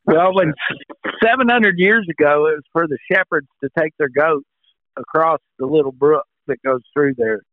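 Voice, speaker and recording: A man's voice: on the high side, normal speed, no room sound. A man co-hosting a casual golf podcast, telling folksy stories and chuckling as he goes. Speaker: podcast co-host. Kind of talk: casual chat. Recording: tinny phone-like line.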